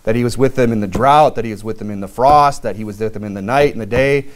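A man's voice: on the low side, fast. A married man preaching a sermon in a loose, conversational way, with frequent fillers and restarts. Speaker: pastor.

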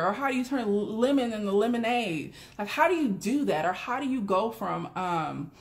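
A woman hosting a casual live stream, talking bluntly to her viewers with plenty of swearing and frequent laughter. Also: mid-range voice. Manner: blunt, profane, laughs often; chatty, talks straight to viewers. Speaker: doula and live stream host.

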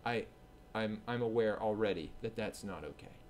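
A man preaching a sermon as pastor at a church service, earnest and swinging between emphatic and hushed delivery. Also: on the low side, moderate pace, a little hiss or hum.

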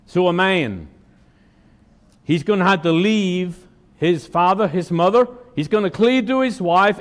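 High-voiced preaching man in a hall. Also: a little slow. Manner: emphatic preaching, asks the congregation questions. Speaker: pastor. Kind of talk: sermon.

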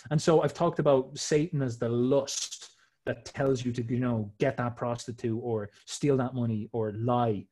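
A man's voice: medium pitch, fairly even intonation, a little slow, darkish tone, slight background noise. A man talking casually and emphatically, explaining old myths in slangy, swearing speech.

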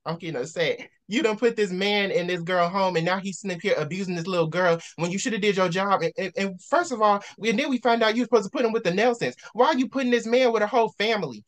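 A man with a somewhat high-pitched voice hosts a casual book discussion. He rants with real heat, circling back to the same phrases again and again to drive his point home. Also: fast, few pauses. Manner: heated ranting, repeats himself for emphasis. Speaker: host.

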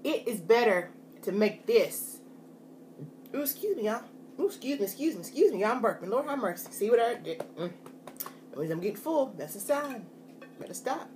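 A woman's voice: on the high side, very animated, moderate pace, a little mellow, slight background noise. A woman talking casually to her viewers while eating on camera, chatty and folksy, often saying "y'all". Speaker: food vlogger. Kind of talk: casual mukbang chat to camera.

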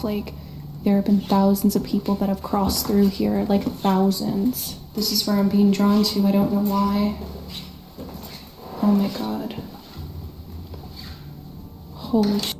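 A woman's voice: medium pitch, monotone, slow pace, creaky, pauses often, a little hiss or hum. A woman exploring a building as a paranormal investigator, whispering her emotional reactions to the camera. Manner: hushed, emotional, swearing. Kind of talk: whispered ghost-hunting narration. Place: large old building indoors. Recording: echoey large room.

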